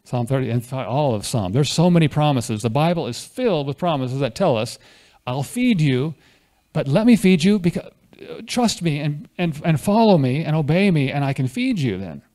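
A man's voice: fairly high pitch, sing-song, moderate pace, a little mellow. A man preaching a conversational sermon at a church fellowship, often asking the congregation questions.

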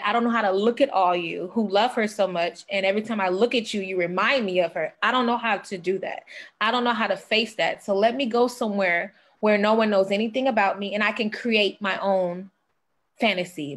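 Young woman, podcast guest, earnest testimony, holding back tears, halting phrases. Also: mid-range voice, fairly bright tone. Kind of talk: emotional personal testimony.

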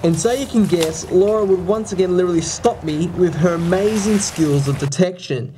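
A man's voice: high voice, moderate pace, warm tone, a little hiss or hum. An Australian man narrating a voice-over in a teasing, playful way. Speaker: narrator, host.

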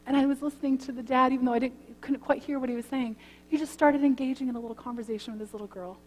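A woman pastor giving a sermon, telling a story in a conversational way and then praying gently. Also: high-pitched, steady tone, rapid-fire. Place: church sanctuary. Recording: long church hall reverb, faint hum.

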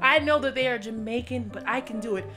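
A woman's voice: a little high, quick pace, pushed and bright, reverberant. A woman hosting a casual prank vlog, pleading through the prank and then laughing and joking with her co-hosts. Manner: pleading, laughing, playful banter. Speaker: vlog host. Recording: music playing over the voice.

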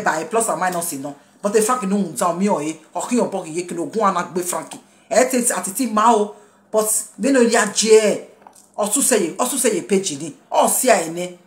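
A woman's voice: mid-range voice, roomy sound. Defiant woman ranting. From Nigeria. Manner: defiant, scolding, mixing pidgin English and a local language. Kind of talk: angry rant to followers.

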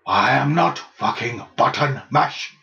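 A man's voice: mid-range voice, animated, a little slow, vocal fry, highs cut off. A man commentating his own video game play, swearing constantly through frustrated outbursts. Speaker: gamer. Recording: distant mic with loud game music.

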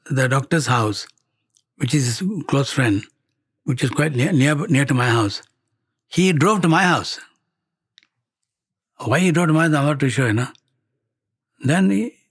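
A man with a Malaysian English accent and a mid-range, slightly breathy voice speaks at a devotional gathering. He tells a personal story, halting and repeating words as he acts out the dialogue.

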